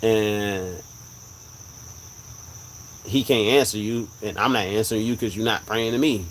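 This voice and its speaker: A man's voice: lowish voice, unhurried, a little hiss or hum, rough recording. A man hosting a live stream, telling a personal story earnestly and repeating his points for emphasis. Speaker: livestream host sharing a religious testimony. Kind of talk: live-stream casual talk.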